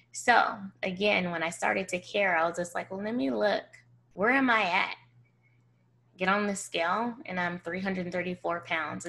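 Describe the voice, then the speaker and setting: A woman hosting a personal storytelling vlog, animated and acting out the dialogue as she tells it. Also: medium pitch, creaky. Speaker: host.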